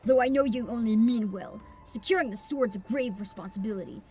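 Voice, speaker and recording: Brief: woman playing a dignified male samurai, slightly lowered, grave and steady. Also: a little fast, breathy edge. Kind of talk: reading game dialogue aloud.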